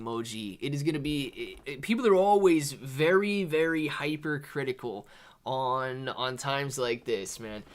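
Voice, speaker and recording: A man hosting a live stream, chatting casually while reading viewer comments. He talks in a relaxed, rambling way, says "dude" and "man" often, restarts his sentences, and keeps his voice down so he won't disturb children at home. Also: on the high side. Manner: talks softer to keep quiet near children. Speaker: livestream host reading chat.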